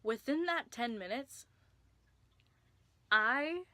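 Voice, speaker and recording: A woman's voice: fairly high pitch, animated, extremely slow, pushed and bright, dry recording. A young woman telling a personal story to camera in a casual vlog, chatty with lots of filler words and sudden whispers for emphasis. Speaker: vlogger.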